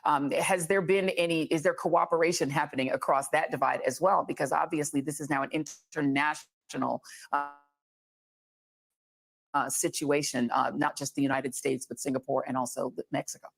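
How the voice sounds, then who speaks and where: A woman's voice: sits low, steady tone, normal speed, gravelly. A woman hosting a news interview, speaking earnestly with hesitant fillers. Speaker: news show host. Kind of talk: broadcast interview.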